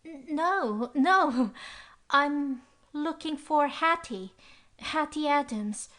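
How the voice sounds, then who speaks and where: Casting: woman voicing a young girl sleuth, high, trembling and breathless. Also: unhurried. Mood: nervous. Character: nervous teenage girl detective.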